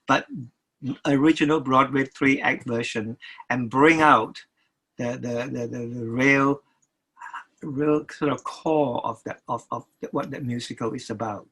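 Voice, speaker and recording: A man's voice: mid-range voice, pushed and bright, husky, rough recording. An older man, a record producer, talking as an interview guest, stopping and restarting his sentences often. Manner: halting, many restarts and repeated words.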